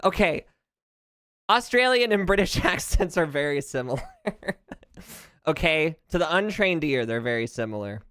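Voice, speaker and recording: Over gameplay, a VTuber streamer from the United States chats casually and rants in jokey bursts, animated and laughing often. The medium-pitched voice moves at normal speed with frequent pauses, captured dry and clean on a close streaming mic.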